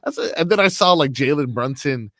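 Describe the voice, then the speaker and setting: A male radio co-host trading jokes and asking questions, laughing often. His pitch sits in the middle but moves around a lot. The recording is close and dry. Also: expressive, a little fast, fairly bright tone, no room sound. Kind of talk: casual sports talk.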